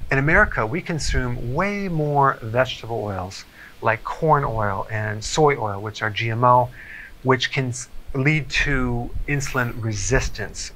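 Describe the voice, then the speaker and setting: Measured male health presenter, bright voice. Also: mid-range voice, a little hiss or hum, poor audio. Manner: measured, explanatory, checks in with "okay?". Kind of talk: explanatory talk to camera.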